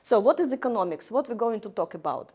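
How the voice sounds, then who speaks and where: A woman giving a lecture in English, halting often with fillers and restarts. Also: on the high side, very animated, a little mellow, breathy edge. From Ukraine. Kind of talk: lecture to a class.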